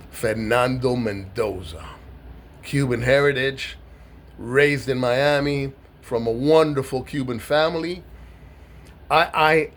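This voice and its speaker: A middle-aged New York man, a vlogger, gives an emotional personal monologue to camera, halting and heartfelt with many pauses and repeated words. His mid-range voice is a bit bright, with slight background noise.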